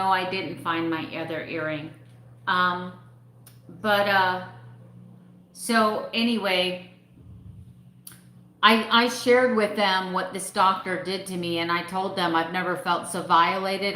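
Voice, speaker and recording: Middle-aged woman vlogger, candid and emotional live-chat host, lowish voice, roomy echo. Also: fairly even intonation, a little slow, pushed and bright. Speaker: vlogger hosting a live stream. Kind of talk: casual live-stream chat.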